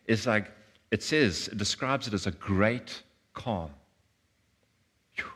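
A man's voice: lowish voice, a little slow, a bit bright, slightly rough. A man, preaching a sermon in an earnest way, often repeating words and acting out voices. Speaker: pastor.

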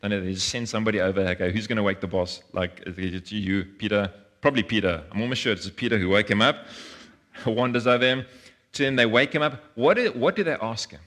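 A man's voice: on the low side, fairly quick, fairly bright tone. A man preaching a conversational sermon, earnest and informal, often restarting and repeating words as he speaks.

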